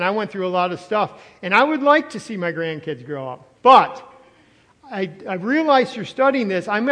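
High-voiced older preacher in a reverberant hall. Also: male voice. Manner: emphatic preaching, stretching key words, swings from loud to soft. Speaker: pastor. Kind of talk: sermon.

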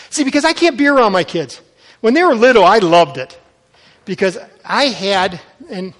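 A man's voice: high-pitched, fairly bright tone. A middle-aged man preaching a sermon to fathers, earnest and exhorting, with frequent restarts. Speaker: pastor.

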